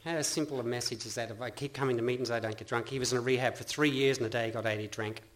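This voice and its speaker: A middle-aged Australian man speaks at a meeting, telling his own story in an earnest, rambling way. He often restarts his sentences and breaks into laughter, and his voice sits at an ordinary middle pitch. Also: fairly even intonation, very fast. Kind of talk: personal testimony talk.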